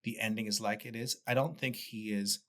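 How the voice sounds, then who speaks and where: A man's voice: on the low side, fairly even intonation, brisk, a bit bright. A man co-hosting a podcast review, chatting casually, laughing often and acting out lines. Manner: laughs often, acts out quotes. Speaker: podcast co-host. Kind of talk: casual chat.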